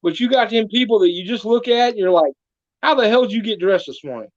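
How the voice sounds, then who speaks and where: A man's voice: high voice, expressive, quick pace, muffled recording. A man telling a comedic folksy story as a guest, drawling and full of country sayings.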